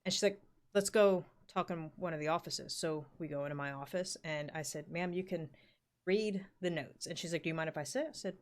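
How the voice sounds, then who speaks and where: A woman's voice: low voice, fairly quick. A woman in her forties telling a rambling work story in casual chat, full of fillers and the odd swear word. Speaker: podcast co-host.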